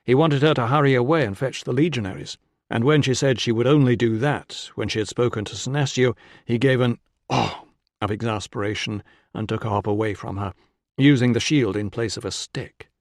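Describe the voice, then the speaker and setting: A man narrating a historical crime audiobook in a measured storytelling way. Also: medium pitch, no room sound, studio quality. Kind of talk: scripted narration.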